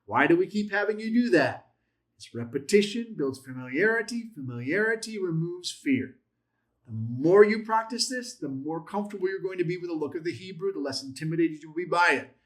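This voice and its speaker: A man's voice: high-pitched, animated, brisk. A man teaching a Bible class in a methodical way, listing terms, repeating points and asking rhetorical questions.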